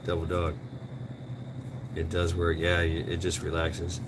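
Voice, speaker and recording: A man's voice: low-pitched, completely flat delivery, unhurried, noisy background. A man hosting a casual live stream outdoors, rambling and crude with many fillers, his voice getting strained. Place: outdoors, smoking a cigarette.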